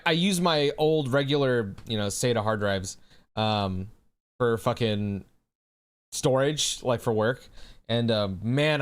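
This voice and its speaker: A man streaming live who chats casually with his audience in a laid-back way, swearing often and calling people bro. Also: medium pitch.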